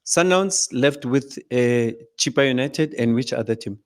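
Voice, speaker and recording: A man's voice: mid-range voice, a little slow. A man with a South African accent hosting a casual football chat, telling stories and asking pointed questions. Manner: lively storyteller, asks pointed questions, laughs along. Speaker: show host.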